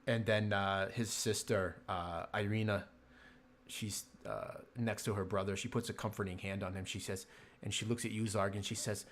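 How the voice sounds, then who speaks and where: Low-voiced man narrating a tabletop game. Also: normal speed, a little hiss or hum. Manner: relaxed narration with many ums and laughs. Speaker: dungeon master.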